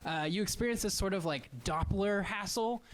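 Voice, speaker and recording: A man with a Midwestern American accent doing a stand-up comedy set, telling stories in a chatty, wry way with quick asides. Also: high-pitched. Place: live comedy stage.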